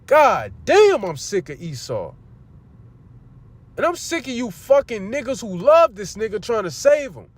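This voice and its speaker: A man teaching a religious lesson on a livestream in a loud, angry, profane rant. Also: sits high, big pitch swings, measured pace, no echo.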